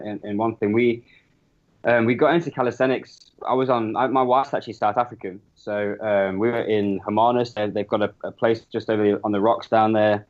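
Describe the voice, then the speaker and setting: This man rattles along quickly in a lowish voice, often stopping and restarting his sentences as he talks about his work. He's a guest on a casual podcast chat. The recording is dull and a bit lo-fi, as if the sound has been muffled. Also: a little mellow. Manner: rambling, restarts mid-sentence. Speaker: podcast guest, business co-founder.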